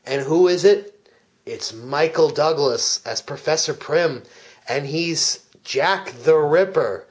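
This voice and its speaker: A man with a slightly high voice narrates a made-up film plot as a mock commentary track. He talks with earnest deadpan seriousness and stumbles over his words now and then. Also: takes it slowly. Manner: earnest storytelling with frequent restarts. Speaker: comedic fake commentary speaker.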